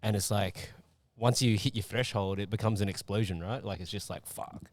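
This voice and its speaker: Casual male podcast host, lowish voice. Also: fairly even intonation, moderate pace, no echo. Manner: casual, thinks aloud with many fillers. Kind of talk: casual interview chat.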